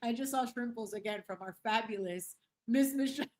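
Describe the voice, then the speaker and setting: A young adult woman hosts a casual livestream, playfully and effusively reading viewer comments, laughing often and dropping in Spanish phrases. Her voice is a little high, fairly quick and darkish in tone.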